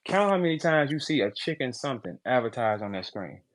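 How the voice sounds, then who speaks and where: A man hosting a podcast, ranting in a brash, profane, animated way, jumping between loud outbursts and low asides. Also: brisk. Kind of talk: casual podcast rant.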